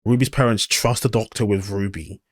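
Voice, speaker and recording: A man's voice: fairly low pitch, steady tone, moderate pace, no echo, studio quality. A man co-hosting a podcast in casual review chat, blunt and swearing, often acting out imagined scenes. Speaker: podcast co-host.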